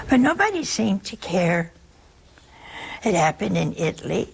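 A woman's voice: medium pitch, sing-song, normal speed, creaky, slightly rough. A woman giving an informal spiritual talk in a chatty, humorous way, acting out bits of quoted dialogue. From United States.

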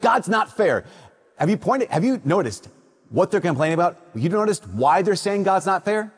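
A man with a husky, slightly raised voice preaches from the front of a church. His words ring out with a long echo through the hall. He is a priest from Minnesota, moving from a solemn Gospel reading into casual storytelling with lively asides. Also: high voice, brisk. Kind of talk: Sunday Mass gospel reading and homily.

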